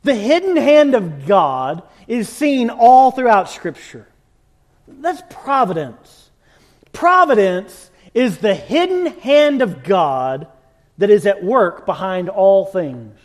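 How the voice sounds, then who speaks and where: A man preaching a sermon, impassioned and emphatic, with sudden loud bursts. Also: sits high. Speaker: pastor.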